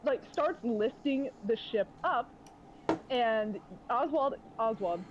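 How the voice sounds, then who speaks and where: Young woman game master, loose rambling narration, higher pitch, lo-fi recording. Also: lively intonation, takes it slowly, background noise. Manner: rambling, filler-heavy, laughing often. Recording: dull lo-fi audio.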